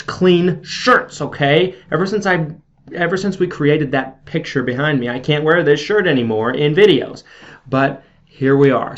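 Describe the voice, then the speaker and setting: Guy coaching phone sales on camera, chatty, keeps going "okay?", mid-pitched voice, slightly dull lo-fi sound. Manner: chatty coaching with frequent "okay?" check-ins and "um". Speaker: insurance sales trainer. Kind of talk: casual video sales training. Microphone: camera video.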